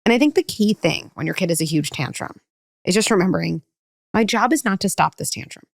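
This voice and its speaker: A woman speaking as a parenting expert in a podcast conversation, talking quickly and acting out children and parents with lively shifts in her voice. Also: fairly low pitch, creaky, dry recording, studio quality. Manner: fast, animated, acts out kids and parents with voice shifts.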